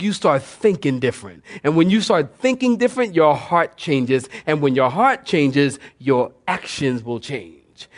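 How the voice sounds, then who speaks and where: An older male pastor preaching a sermon with a fairly high voice. He is folksy and conversational, and he keeps calling out to the congregation for responses. His delivery is animated. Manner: animated preaching with audience call-outs.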